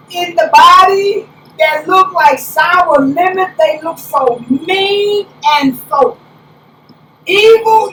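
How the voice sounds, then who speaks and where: Woman apostle, slow, high voice; distant mic in an echoey room. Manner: animated storytelling, preacherly exclamations. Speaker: apostle preaching. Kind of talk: conversational sermon. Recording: roomy, distant, faint background hiss.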